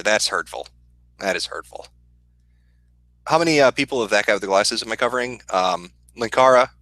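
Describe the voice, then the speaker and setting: A man with a Midwestern accent, hosting a casual livestream and answering chat questions in a profane, deadpan, sardonic way. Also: low voice, no echo, poor audio. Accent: Midwestern American.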